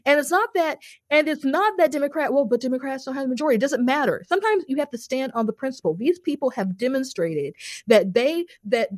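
A woman's voice: high voice, a little mellow, no room sound, clean studio sound. A woman speaking as a podcast guest in casual conversation, passionate and emphatic, often repeating phrases as she builds a point.

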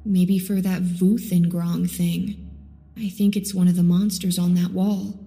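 A man voicing his wary explorer companion, speaking in a hushed, uneasy way. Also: sits high, level tone, a little slow, gravelly, long reverb tail, pitched above the performer's own voice.

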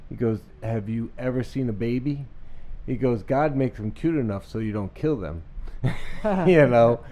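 A man's voice: medium pitch, normal speed, dark tone. A man on a faith talk show, speaking earnestly in casual chat and quoting preachers he admires.

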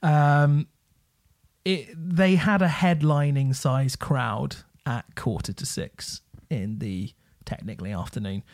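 A man's voice: medium pitch, slow pace, a little mellow. An eager man talks through his favourite gigs with a lot of fillers and the odd swear word. His voice sits mid-range and his delivery is loose and conversational. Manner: enthusiastic, swears freely, many fillers. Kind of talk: casual chat.

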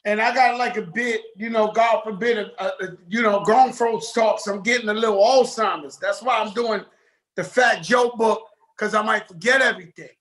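A man with a New York accent, a guest chatting on a video call in a lively, streetwise way. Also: high-pitched, moderate pace. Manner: animated, laughing, streetwise slang. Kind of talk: casual video call interview.

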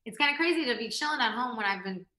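A woman's voice: fairly high pitch, lively intonation, very fast, sharp tone, roomy sound, low-quality recording. A young woman from the US, a pop singer being interviewed, chatting in a bubbly, giggly, rambling way from home. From United States. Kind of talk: casual interview chat. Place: home, remote call.

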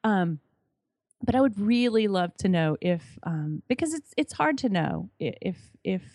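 A woman's voice: medium pitch, lively intonation, a little slow, darkish tone, no echo, studio quality. A middle-aged woman, a podcast guest, chatting enthusiastically and often restarting her sentences. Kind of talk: casual interview chat.

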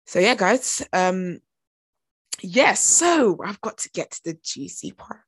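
A young woman talks through a TV episode in a gossipy, animated vlog. Her voice sits in a middle register. The sound is close and dry, with no room around it. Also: mid-range voice, slow, husky, no echo. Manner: animated, gossipy, acts out her own reactions. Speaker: TV show reviewer. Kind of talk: chatty TV recap vlog.

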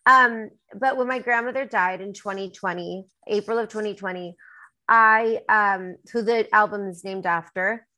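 A woman's voice: mid-range voice, steady tone, normal speed, pushed and bright, low-quality recording. A woman singer-songwriter being interviewed, talking candidly and emotionally in a rambling way with many fillers.

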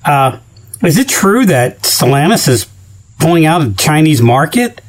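A man's voice: on the high side, sing-song, moderate pace. A man leaving a jokey recorded voicemail for a podcast, amused by his own bit. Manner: jokey, self-amused, laughing between lines.

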